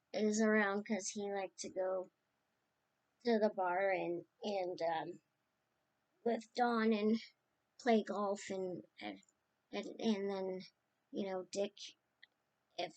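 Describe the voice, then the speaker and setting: A woman speaking casually and tenderly as she remembers her late uncle, rambling from one story to the next. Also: medium pitch. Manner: rambling and tender, drifting between stories. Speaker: niece sharing memories of her late uncle.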